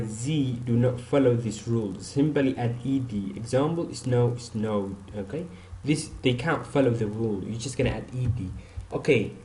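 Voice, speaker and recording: A man's voice: mid-range voice, dark tone, reverberant. A man teaching an online English grammar lesson, repeating example words and saying "okay" often.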